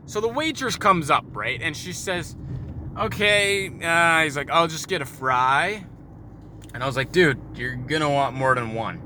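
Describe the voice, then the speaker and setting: A man hosting a casual car podcast, rambling and jokey with frequent swearing while he drives. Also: medium pitch. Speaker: podcast host. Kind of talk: casual storytelling while driving. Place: inside a moving car. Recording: car road noise behind.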